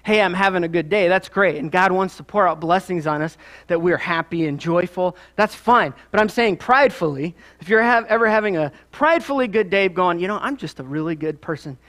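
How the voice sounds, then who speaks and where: A man's voice: high-pitched, fairly quick, fairly bright tone. A man with a Midwestern American accent, preaching a sermon in a conversational, storytelling way with asides. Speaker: pastor.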